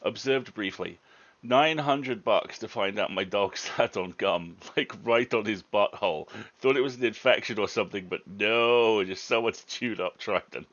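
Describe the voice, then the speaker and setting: Chatty low-voiced man, lo-fi audio. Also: normal speed, fairly bright tone. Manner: chatty, rambling, swears casually. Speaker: co-host reading stories on a livestream. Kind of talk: casual chat. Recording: dull lo-fi stream audio.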